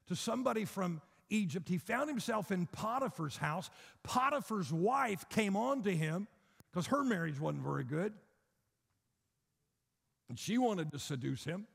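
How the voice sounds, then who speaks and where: A man delivers a sermon in a high, gravelly voice that carries a long reverb through a large sanctuary. He preaches emphatically, stacking repeated phrases into bold, rhythmic declarations.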